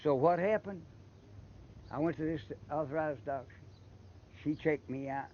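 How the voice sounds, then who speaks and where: Old appalachian guy rambling on, bit high voice, muffled recording w/ faint hiss. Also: normal speed, a little mellow. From Eastern Kentucky. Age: older. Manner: rambling, repeats and restarts words. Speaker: interviewee. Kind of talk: casual storytelling. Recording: slightly muffled with faint background noise.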